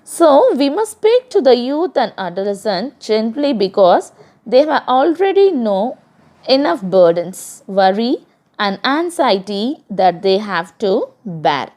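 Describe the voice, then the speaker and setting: An Indian English woman teaching a poem, reading each verse and then explaining it and defining its harder words. Her voice sits fairly high and moves about a great deal in pitch. She speaks slowly, in the careful manner of a classroom lesson. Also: big pitch swings, darkish tone.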